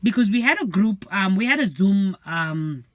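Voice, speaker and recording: A woman's voice: mid-range voice, normal speed, no room sound, studio quality. A young woman vlogging from her parked car, telling stories in a casual chat and acting out her friends' voices as she goes. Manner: animated storyteller, acts out friends' voices.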